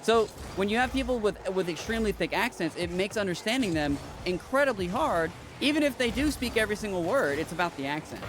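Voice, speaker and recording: Male podcast host, casual gaming chat, rambly and emphatic, slightly high-pitched. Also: expressive, fairly quick, hardly any pauses, background noise. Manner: rambling, emphatic, with restarts and swearing.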